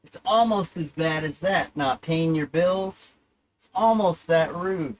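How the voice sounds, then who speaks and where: A man's voice: a little high, slow, poor audio. A man ranting alone on his livestream, rambling and sarcastic with plenty of profanity and self-pity. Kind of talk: solo livestream rant.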